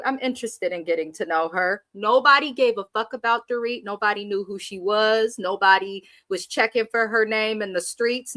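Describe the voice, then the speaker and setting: A woman co-hosts a casual reality TV recap, reading viewer comments aloud in a blunt, sassy way. Her voice is a little high with a sharp tone, and the recording is dry.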